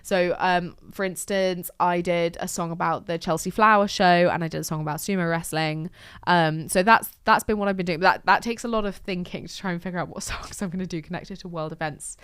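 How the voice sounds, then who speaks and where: A young woman in her twenties talks through her week in a casual diary podcast. Her voice sits on the low side and sounds smooth and clear. The delivery is chatty and self-deprecating, with laughs and the odd swear word, recorded close and dry. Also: fairly even intonation, brisk, a bit bright, dry recording. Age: 20s. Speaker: podcast host. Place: lives in Glasgow.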